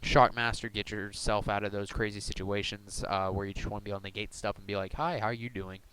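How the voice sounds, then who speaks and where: A man's voice: on the low side, monotone, fast talker, a bit bright, poor audio. A young man casually walking through his card deck, rambling with many ums and uhs. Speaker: YouTuber showing a card deck. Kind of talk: casual deck profile talk.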